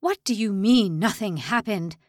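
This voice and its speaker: A woman's voice: mid-range voice, big pitch swings, takes it slowly, dry recording, studio quality, far from the mic. Woman doing a nasal, raging male jailer. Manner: shouting, menacing.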